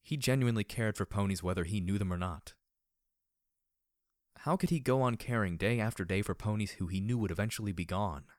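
A man's voice: fairly low pitch, fairly quick, dry recording. A man reading first-person fiction aloud as an audiobook narrator, reflective with a dry, sardonic edge.

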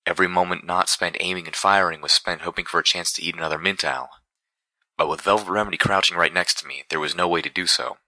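A man narrating first-person fiction in a measured, dramatic storytelling manner. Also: low voice, steady tone, pushed and bright, dry recording. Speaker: audiobook narrator.

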